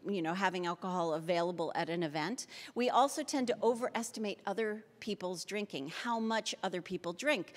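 A woman giving a keynote talk on public health, speaking emphatically, slowing down to stress key phrases and dropping dry sarcastic asides. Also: fairly low pitch, fairly bright tone. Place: city hall auditorium. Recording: long reverb of an auditorium.

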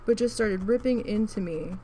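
A woman's voice: mid-range voice, normal speed, dark tone, a little hiss or hum. A woman vlogger chatting frankly about an old job while she crafts, with many restarts. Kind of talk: casual storytelling while crafting.

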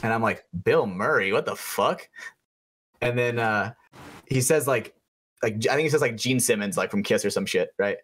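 A young man co-hosting a podcast, telling a story in a loose, animated way, swearing freely and acting out the people in it. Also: fairly low pitch, a little fast. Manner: animated, swearing storyteller who acts out voices. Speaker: podcast co-host. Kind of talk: casual storytelling chat.

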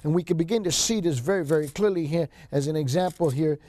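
A man's voice: on the high side, fast talker, dark tone, dry recording. A male seminary lecturer teaching a Bible survey class, reading scripture aloud and repeating key phrases for emphasis.

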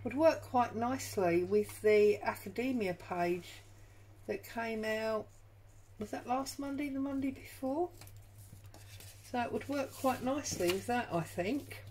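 A woman's voice: a little high, measured pace, a little mellow, a little hiss or hum, rough recording. A woman hosting a crafting tutorial from her home craft room, chatting and thinking aloud as she works. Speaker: junk journal crafter and channel host.

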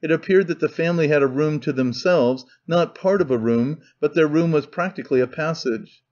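A male audiobook narrator reads in steady, measured scripted narration. His voice sits slightly high, and the recording is dull and lo-fi. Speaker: audiobook reader.

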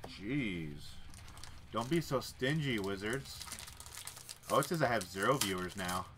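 A man's voice: lowish voice, expressive, unhurried, fairly bright tone, slight background noise. A man hosting a livestream, casually chatting and reading card text aloud with wry, muttered asides. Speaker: livestream host opening card packs. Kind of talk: casual chat while reading cards aloud.

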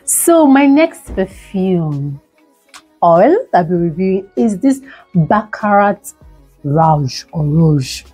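Young Nigerian woman vlogger, dramatic and gushing, mellow and slightly breathy, faint music behind. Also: medium pitch, big pitch swings, slow, poor audio. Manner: dramatic and gushing, repeats pleas. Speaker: beauty vlogger. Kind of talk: product review vlog. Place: indoors by a window.

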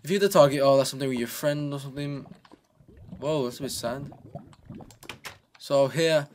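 A man narrating his gameplay in a loose, joking way, often coaxing himself along as he plays. His voice sits at an ordinary middle pitch and comes through a desk microphone, with faint keyboard clicking behind him. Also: moderate pace, darkish tone, a little hiss or hum. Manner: chatty and joking, talks to himself. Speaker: gaming channel host. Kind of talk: casual gameplay commentary.

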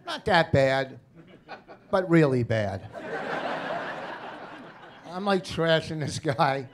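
A middle-aged man from New Jersey with a Jersey accent works a live comedy crowd on a handheld stage mic. His voice sits slightly high for a man, and his delivery is brash, cranky and profane. A faint hum of room noise runs under him. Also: animated, takes it slowly. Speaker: stand-up comedian. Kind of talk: stand-up comedy set.

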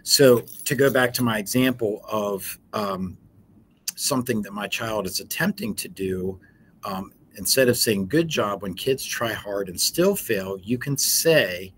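Low-voiced man teaching with frequent ums. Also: a little slow, slight background noise. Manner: relaxed, explanatory, frequent ums. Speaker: educator. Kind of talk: informal teaching talk.

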